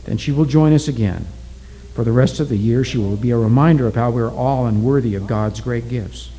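A man voicing a stern, commanding island witch doctor in a read-aloud story, speaking in a measured, grave way. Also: mid-range voice, warm tone, a little hiss or hum, natural voice, rough recording. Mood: calm, grave.

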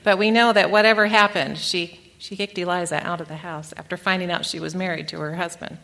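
A woman with a bright, forceful voice gives a talk to an audience, dropping wry, dry asides into her narration. Her voice carries with a long reverb tail through a lecture hall. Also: lowish voice, fairly even intonation, a little fast, vocal fry. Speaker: speaker giving a talk.

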